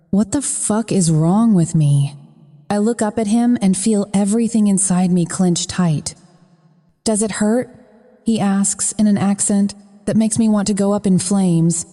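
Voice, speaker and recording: Low-voiced woman narrating an audiobook. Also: warm tone. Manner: frank and profane. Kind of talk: first-person romance audiobook narration. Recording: long reverb.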